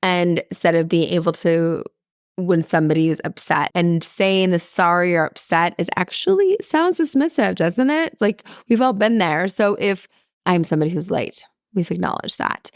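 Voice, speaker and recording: A woman's voice: fairly low pitch, normal speed, no echo, studio quality. A woman hosting a podcast, talking casually and chattily with lots of "like" and "right?". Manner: chatty, lively, frequent "like" and "right?". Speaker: podcast host. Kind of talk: casual solo podcast talk.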